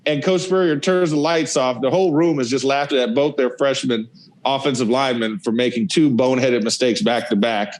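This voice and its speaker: A man's voice: medium pitch, a little fast, low-quality recording. A man, a former college lineman, telling football stories playfully as a podcast guest. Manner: excited, playful storyteller who acts out scenes. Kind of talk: casual storytelling on a podcast.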